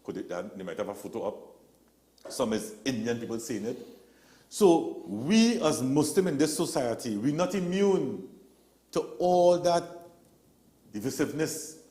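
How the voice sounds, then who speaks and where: A man tells stories as a talk show guest, lively and expressive, voicing the people he quotes. His pitch moves around a lot. The room gives a noticeable echo. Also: unhurried, pauses often. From Trinidad and Tobago. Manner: animated storyteller, acts out quotes. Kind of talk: casual talk show conversation.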